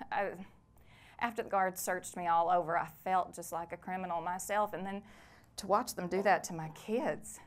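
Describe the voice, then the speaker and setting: Actress as a rambling mom in a prison waiting room, friendly, mid-pitched, scolding the kids between sentences. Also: female voice, natural voice. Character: chatty weary mother of four, prisoner's wife. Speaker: stage actor in a one-woman play. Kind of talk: theatrical monologue.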